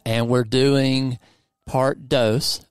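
A man's voice: medium pitch, level tone, drawn-out words, clean tone, no room sound. A man hosting a podcast in a studio, upbeat and playfully teasing his co-host in casual chat.

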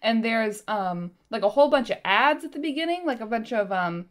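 Woman cohost, kinda high voice, lots of ums and likes, casual chat. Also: expressive, fairly quick. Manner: hesitant, many fillers like "um" and "like". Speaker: podcast co-host.

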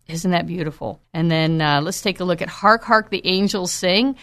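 A woman with a somewhat low voice gives devotional Bible teaching on a podcast. She talks earnestly and with wonder, and reads hymn verses in a slow, reverent way. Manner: earnest, marvelling, slow reverent recitation of carol lyrics.

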